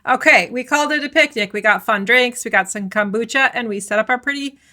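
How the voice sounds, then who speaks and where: A woman's voice: fairly high pitch, a little fast, bright, forceful tone. A woman co-hosting a food podcast, chatting casually and explaining dishes to listeners. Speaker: podcast co-host.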